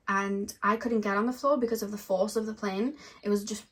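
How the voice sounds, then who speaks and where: A woman's voice: medium pitch, a little fast. A woman giving a casual, rambling tarot card reading to her viewers. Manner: rambling and animated, filler-heavy. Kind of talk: casual spiritual reading to camera.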